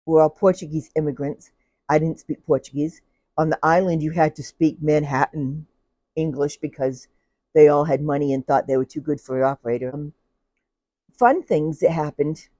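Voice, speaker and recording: A woman's voice: low-pitched, dark tone, no room sound. An older woman, a retired telephone operator, telling her work stories in a chatty way, laughing often and acting out the people she dealt with. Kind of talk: casual personal storytelling.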